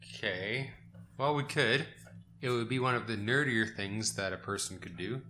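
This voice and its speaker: A man's voice: fairly low pitch, moderate pace, bright, forceful tone, a little hiss or hum. A man co-hosting a casual chat over a card game, with laid-back, dry, joking remarks. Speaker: podcast co-host.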